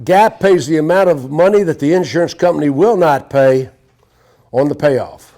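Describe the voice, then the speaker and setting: A man's voice: a little high, normal speed, mellow. A man teaching a live sales seminar to an audience, brash and profane as he tells stories. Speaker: sales trainer.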